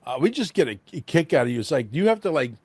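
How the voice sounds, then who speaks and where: A male host in casual interview chat, excitable and rambling, peppering his talk with "bro" and "like". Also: fairly high pitch, rapid-fire, breathy edge, dry recording.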